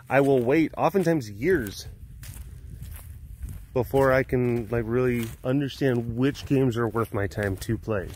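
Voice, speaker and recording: A man hosting a casual walking vlog outdoors at an animal compound, playfully cooing at the cats as he goes. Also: mid-range voice. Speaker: vlog host at a big cat facility.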